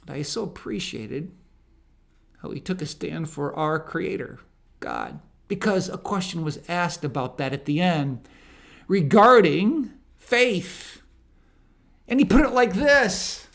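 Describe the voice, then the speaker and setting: A man delivers a ministry monologue at an unhurried pace. His voice has a gravelly, fried edge, and he pushes up into loud, emphatic preaching. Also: sits high, very animated. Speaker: ministry speaker.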